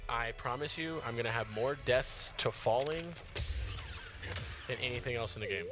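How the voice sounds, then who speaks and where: A man giving chatty, excitable live commentary while playing a game, tired after an early start. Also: medium pitch, normal speed, music in the background. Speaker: gaming streamer.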